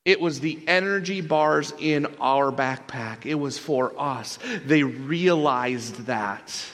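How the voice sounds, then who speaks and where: A man's voice: mid-range voice, slow pace, fairly bright tone. A man preaching a sermon as pastor, earnest and often stumbling over repeated words. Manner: earnest, with frequent stumbling restarts. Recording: long hall reverb.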